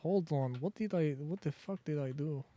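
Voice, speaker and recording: A man's voice: on the high side, normal speed, mellow. A young man streaming a survival game, rambling through chatty asides and cutting himself off mid-thought. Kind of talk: casual gaming commentary.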